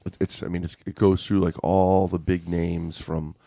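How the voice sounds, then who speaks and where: A gravelly man with a slightly low voice, co-hosting a casual podcast. He rambles and restarts his sentences as he talks. The recording is close and dry. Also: level tone, moderate pace, mellow, dry recording. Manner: rambling, restarts and filler-heavy. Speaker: podcast co-host. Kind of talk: casual chat.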